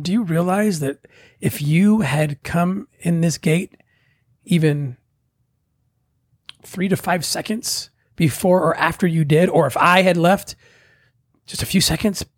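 Husky-voiced man telling a story. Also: fairly high pitch, no echo. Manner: animated, acts out quoted voices. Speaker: guest telling his story. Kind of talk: casual storytelling.

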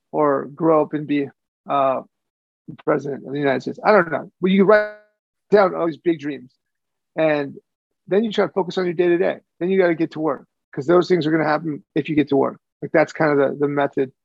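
Podcast co-host, male, gravelly and a bit high, rambling casual chat, dry dull recording. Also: dry recording. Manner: rambling, repeats words while thinking.

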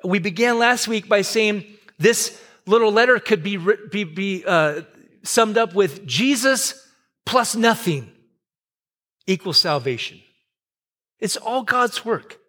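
A man in his fifties preaching a sermon as pastor, conversational, with joking asides, swinging between loud and soft. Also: high voice, slow pace. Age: 50s.

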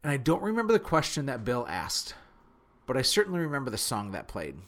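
Midwestern guy telling a story, earnest and lively, pokes fun at himself, normal pitch. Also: a little fast. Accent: Midwestern American. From Fargo, North Dakota. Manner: animated, earnest, self-deprecating storyteller. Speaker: speaker telling a personal story. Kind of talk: personal storytelling talk.

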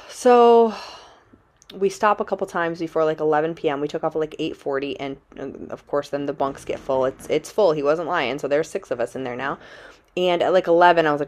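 Low-voiced woman telling a dramatic story. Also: moderate pace, darkish tone. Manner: dramatic, chatty, heavy use of "like". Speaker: travel vlogger. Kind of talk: casual storytelling to camera.

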